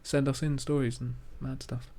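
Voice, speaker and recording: A man co-hosting a casual podcast chat, halting and restarting his sentences. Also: mid-range voice, flat delivery, mellow. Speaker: podcast co-host.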